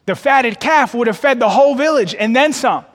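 A male pastor preaches in a high, bright voice that climbs and swells for emphasis. His delivery is folksy and direct, calling the congregation y'all. The sound carries a long reverb from a church sanctuary. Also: normal speed. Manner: expressive preaching, climbs higher and louder for emphasis. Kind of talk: sermon.

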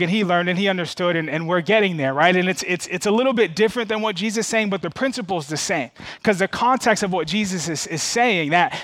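A man's voice: sits high, a bit bright, no echo. A middle-aged man preaching a conversational sermon, full of stammered restarts and "okay?" check-ins to the congregation. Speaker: pastor.

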